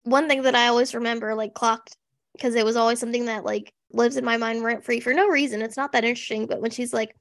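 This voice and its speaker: A woman's voice: fairly high pitch, fairly even intonation, fast talker, vocal fry, no room sound, clean studio sound. A woman co-hosting a podcast, chatting sarcastically about a TV special with lots of "like" fillers. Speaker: podcast co-host. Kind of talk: casual chat recapping a TV special.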